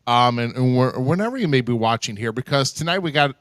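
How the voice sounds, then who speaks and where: A man hosting a live podcast, talking in an animated, rambling way with lots of fillers. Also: medium pitch, fast talker, clear, resonant tone, no echo. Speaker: podcast host. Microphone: headphones and desk mic.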